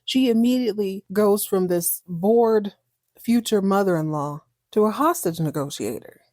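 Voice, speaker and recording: A woman's voice: mid-range voice, normal speed, darkish tone, no room sound, studio quality. A woman hosting a podcast, recapping a TV soap in a chatty, sarcastic, joking way. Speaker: podcast host. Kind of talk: casual TV recap.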